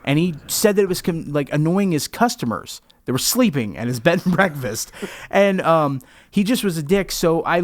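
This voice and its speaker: A man's voice: fairly high pitch, brisk, no echo, studio quality. A man talking as a guest on a podcast, telling rambling stories in a casual chat. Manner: rambling, animated storyteller.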